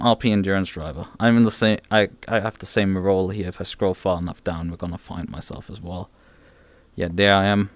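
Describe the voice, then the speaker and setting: A man streams live with a casual, exasperated rant, swearing often and stumbling over restarts. His voice is lowish, and the recording is dry.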